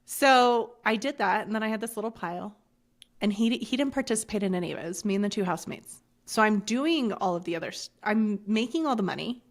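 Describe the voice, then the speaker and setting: Blunt, storytelling woman with gravelly tone. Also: medium pitch, fast. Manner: blunt and animated, swears freely, acts out quoted dialogue. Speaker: podcast guest. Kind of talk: candid storytelling in conversation.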